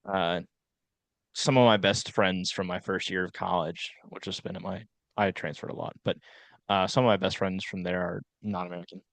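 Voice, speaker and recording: A young man from South Carolina co-hosts a casual chat podcast, his low, gravelly voice moving at a normal speed with no room sound. He's an animated storyteller who rambles and laughs often.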